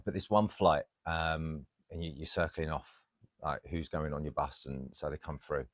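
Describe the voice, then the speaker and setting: A man's voice: very deep voice, steady tone, moderate pace. A man co-hosting a casual chat, telling funny stories from his time as a holiday rep with plenty of laughter. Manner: laughing anecdotal storyteller. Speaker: podcast co-host, former holiday rep.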